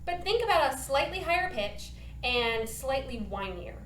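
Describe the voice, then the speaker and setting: A woman's voice: sits high, big pitch swings, moderate pace, a bit bright, reverberant, a little hiss or hum. A woman teaching a children's singing lesson, upbeat and encouraging, demonstrating points with her own voice.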